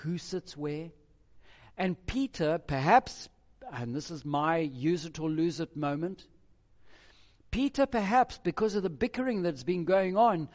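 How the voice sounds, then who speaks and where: A man preaching a sermon verse by verse, emphatic, moving between loud stressed phrases and quiet, low asides. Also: animated, measured pace. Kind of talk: expository sermon. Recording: dull lo-fi recording with hall reverb.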